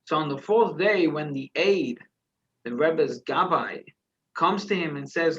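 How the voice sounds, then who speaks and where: A man's voice: a little high, animated, slow pace, a bit bright, breathy edge, lo-fi sound. A man, a rabbi, telling a story in a conversational Torah class, searching for words and restarting his phrases as he goes.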